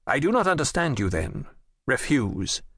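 Man playing a young king, firm, commanding, gravelly, mid pitch, dry. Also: big pitch swings, normal speed, a bit bright, dry recording, full character voice. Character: young male king, firm and self-assured.

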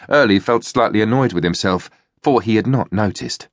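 Low-voiced man narrating a thriller. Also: a little fast, hardly any pauses, dry recording, clean studio sound. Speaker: audiobook narrator. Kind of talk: scripted narration.

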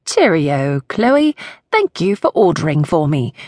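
A woman's voice: low-pitched, sing-song, measured pace, darkish tone, no room sound, clean studio sound, exaggerated voice. A woman narrator voicing a bubbly woman who puts on a terrible British accent in an audiobook. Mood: hammy. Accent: put-on British. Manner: chirpy, theatrical. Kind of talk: audiobook character voice.

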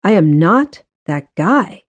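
Conflicted male gardener; low, warm, dry audiobook read. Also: normal speed, no echo, highs cut off.

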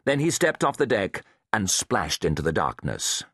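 A man narrating a thriller audiobook in a measured, dramatic way. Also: on the low side, sing-song, fairly bright tone, breathy edge, no room sound, clean studio sound. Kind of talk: scripted narration.

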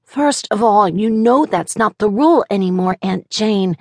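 A woman voicing a sleepy, earnest six-year-old boy who pleads in a drowsy, drawn-out way. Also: mid-range voice, expressive, a little mellow, no room sound, clean studio sound, voice pushed up. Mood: sleepy pleading.

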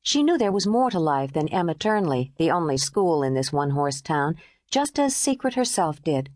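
A woman narrating a novel audiobook in a measured, expressive read. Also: low voice, dry recording, clean studio sound. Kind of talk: scripted narration.

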